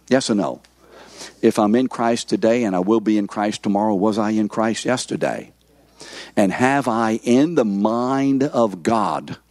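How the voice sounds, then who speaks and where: A man's voice: fairly low pitch, darkish tone, no echo. A man in his seventies, a pastor giving an interactive sermon who keeps asking the congregation questions.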